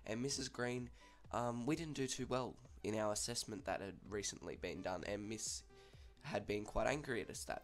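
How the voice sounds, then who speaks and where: A young man with an Australian accent casually telling a school story, chatty and swearing freely. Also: on the low side.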